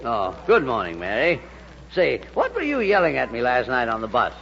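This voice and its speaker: A man's voice: medium pitch, wildly swooping pitch, normal speed, vocal fry, fairly bright tone, exaggerated voice. An actor playing a blunt, dry-witted older man working undercover as a shoe clerk, in 1940s radio acting. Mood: puzzled. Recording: dull vintage radio broadcast, faint hiss.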